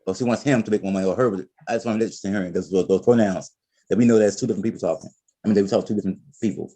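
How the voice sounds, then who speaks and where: A man's voice: fairly low pitch, rapid-fire, warm tone, slightly rough. A man teaching a Spanish class, correcting students patiently and repeating his words. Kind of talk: online class instruction.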